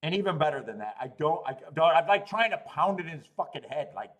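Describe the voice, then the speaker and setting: A man hosting a horse racing betting livestream, talking casually in animated, laughing rants and stammering often. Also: fairly high pitch, fast talker.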